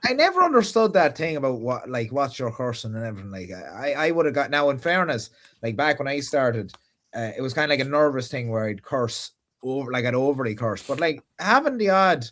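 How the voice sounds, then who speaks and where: Lively man, pitch bouncing around. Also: fairly quick. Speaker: podcast guest. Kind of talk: casual chat.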